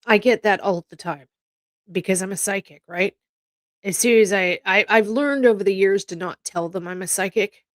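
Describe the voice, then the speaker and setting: A woman's voice: mid-range voice, moderate pace, no echo, clean studio sound. A middle-aged woman hosting a casual chat, blunt and exasperated, swearing freely. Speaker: psychic channel host.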